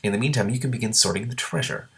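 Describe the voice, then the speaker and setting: A man voicing a calm, dry female dragon in a storybook, speaking measured and matter-of-fact. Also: on the low side, gravelly.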